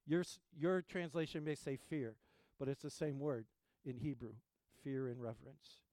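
A male pastor preaching a sermon in an earnest, emphatic way, trailing off quietly at the ends of phrases. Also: mid-range voice, fairly even intonation, normal speed, dry recording.

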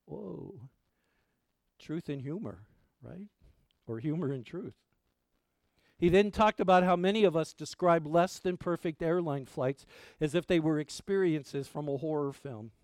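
A male pastor preaching a sermon in a conversational way, asking his congregation rhetorical questions and swinging between loud emphatic lines and quiet asides. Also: fairly high pitch, a little slow, dry recording, studio quality.

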